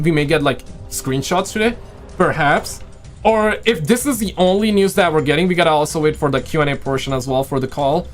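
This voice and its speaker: A man hosting a casual live stream, rambling excitedly and chatting with viewers while saying he is losing his voice. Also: a little high. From Quebec, Canada. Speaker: livestream host.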